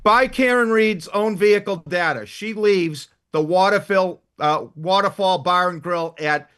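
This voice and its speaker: A man's voice: high voice, measured pace, a bit bright. Assertive Boston lawyer man. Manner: firm, assertive, methodical. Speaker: criminal defense attorney. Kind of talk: arguing a legal case.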